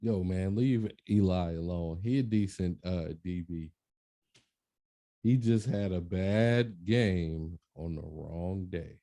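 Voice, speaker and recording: A man with a very dark, mellow voice chats loosely about sports as a podcast co-host. He talks in a laid-back, slangy way, joking as he goes. The sound is dry and close. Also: low-pitched, takes it slowly, no echo. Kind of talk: casual sports banter.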